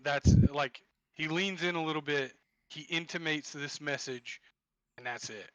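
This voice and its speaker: A man runs a tabletop game as its game master, unhurried and full of small pauses. His voice is bright and a little raised in pitch, and the sound is dry and close. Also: no echo, rough recording. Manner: halting descriptive narration with many fillers.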